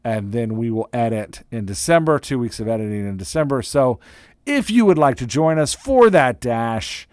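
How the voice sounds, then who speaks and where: A man's voice: medium pitch, lively intonation, normal speed, a little mellow, clean tone, no echo. A middle-aged man hosting a casual solo podcast update, talking loosely and mocking himself, with many fillers and restarts into a close microphone. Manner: rambling and self-deprecating, with many fillers and restarts. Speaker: podcast host and writing coach. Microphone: close studio microphone.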